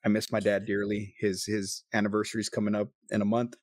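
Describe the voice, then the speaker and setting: A man's voice: lowish voice, monotone, darkish tone, dry recording, studio quality. A man telling a personal story in a casual, emotional and profane way, sometimes choked up. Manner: emotional, profane, quick bursts.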